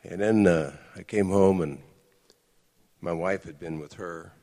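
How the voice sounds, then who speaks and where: A middle-aged man telling personal stories in an earnest, conversational sermon to a group of men, with lively outbursts. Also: low voice, unhurried. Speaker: speaker addressing men. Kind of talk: sermon-style personal storytelling. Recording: echoey hall with long reverb.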